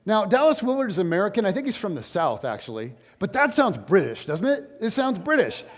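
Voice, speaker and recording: A pastor with a high-pitched voice preaches a sermon from the stage of a large church, fairly quickly, lively and swooping in pitch. He's animated and conversational, drifting into joking asides, while the sanctuary's long reverb trails each phrase.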